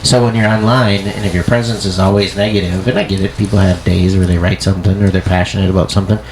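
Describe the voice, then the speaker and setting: A low-pitched man with a gravelly, fry-heavy voice rambles through casual podcast talk. He swears freely and restarts his sentences often, with a faint hiss under the recording. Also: little pitch movement, fast talker. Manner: rambling, profane, full of restarts. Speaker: podcast co-host and comedian.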